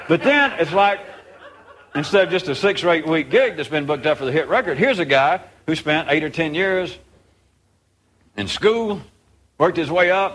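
A man's voice: a little high, fairly bright tone. A man speaking to a live group in a rambling, conversational way, acting out the voices of the people in his stories. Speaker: speaker addressing a live audience. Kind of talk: unscripted talk to a group.

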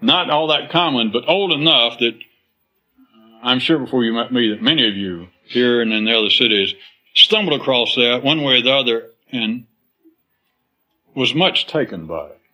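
A man's voice: medium pitch, animated, moderate pace, sharp tone, lo-fi sound. A man speaking to a live audience in a rambling, philosophical way, acting out quoted voices and laughing as he goes.

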